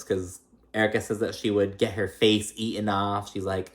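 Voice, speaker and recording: A young man hosts a casual reality TV recap at a moderate pace, chatty and profane. He laughs often and mimics people in a high voice.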